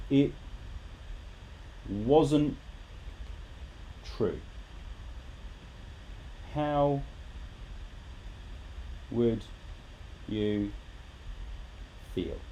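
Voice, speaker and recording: A man's voice: medium pitch, warm tone, husky. A man teaching a live English lesson, talking animatedly and repeating rhetorical questions to his students.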